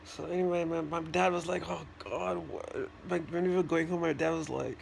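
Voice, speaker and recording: A man in a casual vlog, telling a childhood story in a halting, rambling way, with many restarts and fillers. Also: fairly high pitch, fairly even intonation, vocal fry, slight background noise. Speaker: vlogger.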